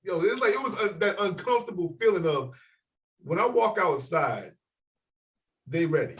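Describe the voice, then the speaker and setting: A man with a somewhat high voice spins a story in casual podcast chat, animated and full of swearing. He acts out the other people's lines as he goes. He sits a little away from the microphone. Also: normal speed, recorded from a distance, low-quality recording. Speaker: podcast co-host.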